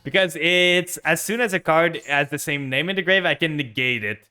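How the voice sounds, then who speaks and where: A man's voice: fairly high pitch, normal speed, sharp tone, smooth, soft background music. A young man streaming a card game, commenting live on his plays and ranting with frustration at his opponent.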